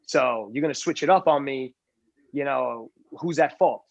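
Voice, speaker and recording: A man's voice: mid-range voice, normal speed, creaky, lo-fi sound. A man arguing defensively in casual podcast talk, rambling and repeating himself. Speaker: podcast guest. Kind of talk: heated casual argument.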